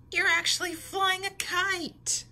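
A woman's voice: very high-pitched, very slow, bright, forceful tone, full character voice. A woman playing a caring, motherly girl superhero who encourages her little sister, in a fan role-play. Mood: excited, proud.

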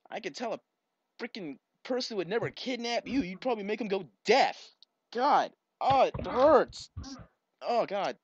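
A man giving rambling, exasperated commentary while video chatting, bursting into loud yelps now and then. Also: high voice, expressive, a little slow, husky, no room sound. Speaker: video creator. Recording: dull lo-fi recording.

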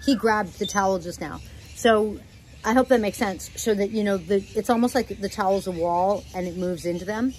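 A woman hosting a parrot channel who gives casual advice at home in a gentle, relaxed, chatty way. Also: mid-range voice, moderate pace, slight background noise, low-quality recording. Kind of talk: casual instructional talk.

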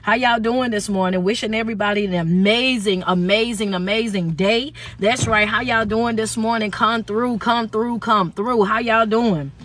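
A woman, hosting a live-stream motivational talk on her phone, lively and affectionate, calling listeners baby and honey. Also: fairly high pitch, moderate pace, few pauses, a little hiss or hum. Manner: lively, calls the audience baby and honey, laughs often. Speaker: motivational speaker.

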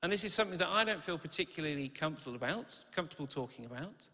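A man's voice: on the high side, expressive, very fast, pushed and bright. A man preaching a sermon in a church, talking in a conversational way, asking his listeners questions and correcting himself as he goes. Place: church hall. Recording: reverberant church hall.

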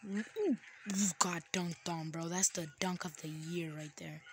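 A woman giving casual gameplay commentary as a streamer, full of playful slangy trash talk and excitable outbursts. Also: lowish voice, a little slow. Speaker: gaming streamer. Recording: loud background noise.

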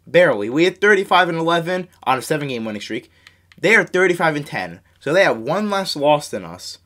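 Excitable young man with a high voice. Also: normal speed. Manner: excitable, yells and laughs at big plays; self-mocking, scolds his teammates. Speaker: gaming YouTuber. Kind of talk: live gameplay commentary.

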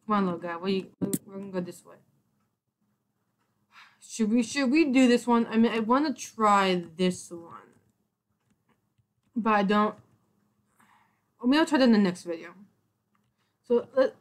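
Young woman gamer, rambling let's play chatter, mid-pitch, keeps groaning at the game. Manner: exasperated, rambling, mock-cursing at the game. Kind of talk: casual gameplay commentary.

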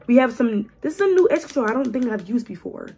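Chatty young woman, husky voice. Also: fairly high pitch, lively intonation, fast talker, mellow. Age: 20s. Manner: chatty, playful, teasing asides. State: raspy from a cold. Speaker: beauty vlogger. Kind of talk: casual chat to camera. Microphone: phone camera.

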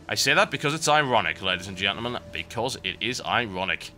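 Sarcastic male gameplay commentator, rambling, very bright tone. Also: on the low side, animated, quick pace, hardly any pauses. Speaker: game commentator. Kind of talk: let's play commentary. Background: game music.

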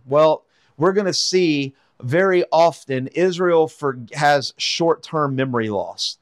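A man's voice: fairly high pitch, takes it slowly, no echo, studio quality. Man reading and explaining scripture. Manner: reads scripture then explains it conversationally, with fillers and rhetorical "right?". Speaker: pastor teaching a Bible study. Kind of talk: Bible reading with commentary.

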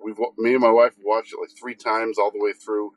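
A man's voice: on the low side, flat delivery, fairly quick, poor audio. A man from north of Boston leaving an enthusiastic listener message as a caller to a podcast. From Massachusetts, north of Boston. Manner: enthusiastic, gushing fan.

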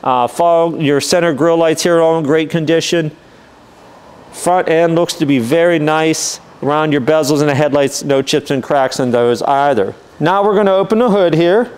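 A car dealer presenter casually walks a camera around a classic car for sale, narrating methodically and easygoingly with frequent "um" and "uh" fillers. His voice is a little high and clean in tone, at normal speed.

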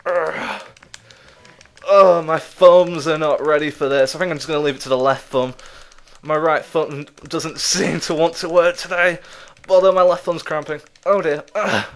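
A man's voice: a little high, fairly even intonation, moderate pace. A man commentating his gameplay in a casual, chatty way, out of breath, self-mocking and laughing often. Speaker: let's play host.

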